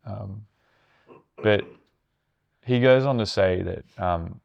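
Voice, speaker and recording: A man, a startup founder, telling animated stories in casual conversation, swearing and mimicking others' voices. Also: fairly low pitch, slow, vocal fry, dull audio. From Australia.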